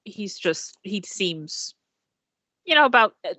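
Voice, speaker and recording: A woman narrating as game master over a video call, describing scenes with frequent pauses and restarts. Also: medium pitch, sing-song, pushed and bright, no room sound. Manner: hesitant, many ums and restarts while describing scenes. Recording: dull lo-fi call audio.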